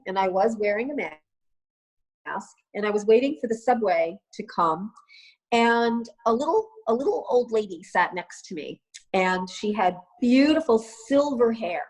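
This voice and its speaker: A woman's voice: fairly high pitch, low-quality recording. A woman in her fifties, a co-host, telling personal stories in a casual conversation and often restarting her sentences. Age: 50s. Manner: animated anecdote-telling with frequent restarts. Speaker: co-host, lawyer and columnist.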